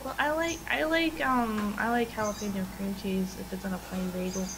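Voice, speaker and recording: Woman, gaming stream co-host, relaxed chatty delivery, reads chat questions, mid pitch, noticeable background noise. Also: normal speed. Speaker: livestream co-host. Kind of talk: casual gaming livestream chat.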